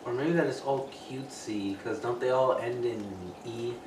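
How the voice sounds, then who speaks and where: A man's voice: mid-range voice, fairly even intonation, normal speed. Male co-host, laid-back, casual profanity; roomy distant mic with faint hiss. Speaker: podcast co-host. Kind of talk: casual chat.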